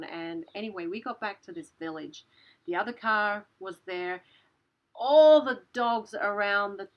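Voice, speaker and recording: A woman, telling a story in a casual way, animated and breathless, full of "like" and the odd swear word. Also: mid-range voice, low-quality recording. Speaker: channel host.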